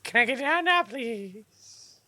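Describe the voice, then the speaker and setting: A man voicing a tiny, excitable female half-orc who squeals and shouts as she plays. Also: extremely high pitch, takes it slowly, noisy background, pitched above the performer's own voice, full character voice. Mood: playful. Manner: squealing, shouts her own ambushes.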